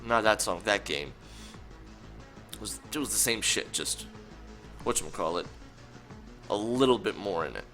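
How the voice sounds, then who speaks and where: A man's voice: fairly low pitch, animated, normal speed, pauses often, pushed and bright, soft background music. A young man co-hosting a casual chat, joking and laughing often. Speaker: podcast co-host.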